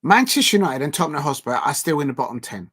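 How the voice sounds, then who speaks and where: A man's voice: fairly high pitch, big pitch swings, quick pace, fairly bright tone, husky. Rambling, emphatic male football streamer. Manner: rambling and emphatic, with many restarts. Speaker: live stream host. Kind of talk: casual football chat on a live stream.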